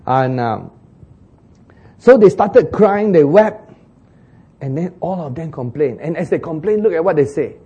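A man preaching a sermon in an animated way, chuckling as he talks and acting out the lines he quotes. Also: on the high side, measured pace, long pauses, breathy edge, highs cut off. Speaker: pastor.

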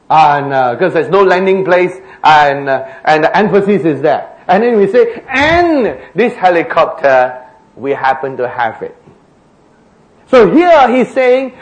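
A man preaching a sermon in a church, speaking deliberately and asking rhetorical questions. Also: high-pitched, rough recording. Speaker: pastor.

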